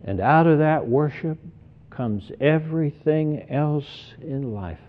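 A man preaching a sermon in an earnest, deliberate way, often repeating words as he stresses each point. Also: fairly high pitch, expressive. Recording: tinny phone-like sermon recording.

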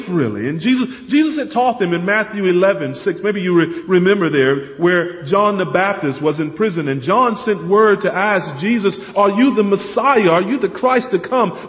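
A man preaching a sermon, earnest and emphatic, often repeating words as he stresses a point. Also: high-pitched. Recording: dull lo-fi sound with long hall reverb.

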